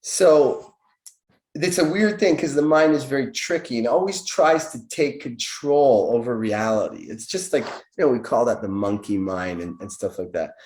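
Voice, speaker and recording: A man's voice: medium pitch, lively intonation, moderate pace, darkish tone. A man guest speaking as a naturopathic doctor, giving an earnest, searching spiritual explanation. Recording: echoey room.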